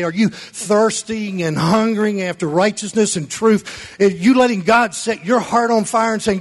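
A man preaching a sermon as pastor, fervent and emphatic, rising to near-shouting, with folksy asides and chuckles. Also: sits high.

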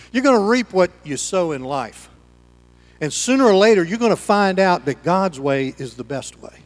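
A man preaching a sermon as pastor, swinging between loud emphatic lines and hushed ones. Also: fairly high pitch. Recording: long hall reverb.

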